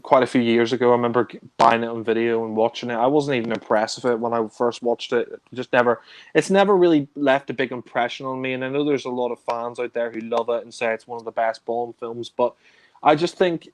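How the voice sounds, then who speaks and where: A man's voice: medium pitch, steady tone, quick pace, no room sound. A man co-hosting a casual film discussion, rambling with many fillers, laughing and swearing. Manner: mimics characters in raised voice. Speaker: film review co-host.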